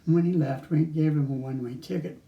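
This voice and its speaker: A man's voice: fairly high pitch, fairly even intonation, quick pace, creaky, muffled recording. An older man casually recounting travel memories, rambling with frequent restarts and chuckles. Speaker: storyteller. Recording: echoey room.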